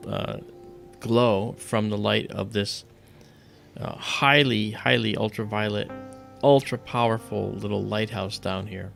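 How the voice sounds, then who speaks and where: A man's voice: on the low side, creaky, a bit bright. A man hosting an astronomy livestream, explaining things step by step in a loose, casual way.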